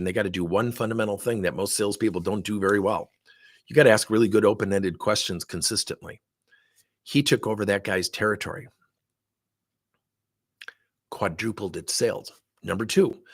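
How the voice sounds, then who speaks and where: A man's voice: lowish voice, no room sound, clean studio sound. A middle-aged man as a sales trainer, telling blunt, emphatic stories in a workshop webinar. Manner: animated, blunt, emphatic storyteller.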